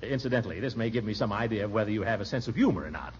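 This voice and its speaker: An actor playing a blustering, flustered middle-aged official who stammers and chuckles, in 1940s radio acting style on a dull old recording. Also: male voice, fairly low pitch, expressive, very fast, a little hiss or hum, lightly acted. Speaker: pompous small-town official.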